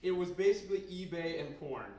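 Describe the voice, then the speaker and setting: A young man from Canada works a basement bar crowd with crude, rambling stand-up that keeps bursting into loud rants. His voice sits a little high for a man. The room is very echoey, and he sounds far from the recorder, with faint bar noise behind him. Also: animated, fairly quick. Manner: brash, crude, rambling storytelling with sudden loud outbursts. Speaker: stand-up comedian. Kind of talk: stand-up comedy set. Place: basement bar comedy night. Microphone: handheld stage mic recorded by a camera in the room.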